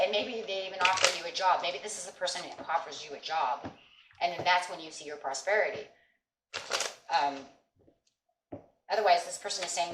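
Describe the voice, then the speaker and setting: Low-voiced woman giving a reassuring tarot reading. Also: normal speed, pauses often, a bit bright. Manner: reassuring, repetitive with frequent "okay?" and "you know". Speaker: tarot reader. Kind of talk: casual tarot reading to viewers. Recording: echoey room with faint background noise.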